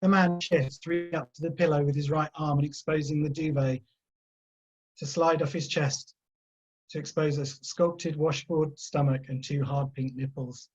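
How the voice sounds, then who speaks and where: A man reads his own fiction aloud, calmly and carefully. His voice is husky and sits a little high. It comes through dull, lo-fi video call audio. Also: moderate pace. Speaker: author.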